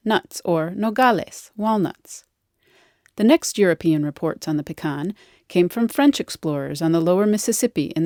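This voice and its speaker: A woman reads a scripted educational narration with a wry, lightly playful touch. Her voice sits low and mellow. The studio recording is close and dry. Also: no echo.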